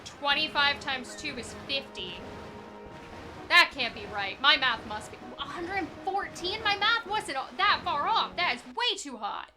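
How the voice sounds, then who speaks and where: A woman's voice: sits high, lively intonation, a little slow, music in the background. A woman streaming a speedrun, chatting loosely and answering chat as she plays, self-deprecating and giggly. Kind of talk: casual live gameplay commentary.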